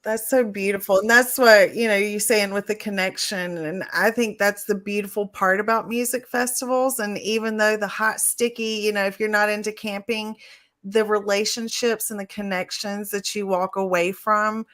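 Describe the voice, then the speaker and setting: A woman on a casual live podcast, speaking earnestly and warmly about her subject. Her sentences run on and on, linked by small fillers. She speaks at an ordinary middle pitch. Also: steady tone, moderate pace. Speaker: podcast co-host.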